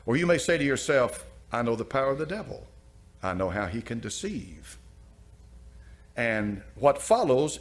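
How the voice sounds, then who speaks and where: A man preaching and commenting on a story, emphatic and repeating phrases for effect. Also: medium pitch.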